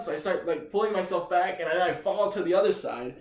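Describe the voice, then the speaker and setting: A man's voice: high voice, quick pace. A young man telling a rambling, profane story in a casual storytime video, tossing in "dude" constantly. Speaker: vlogger. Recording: echoey room.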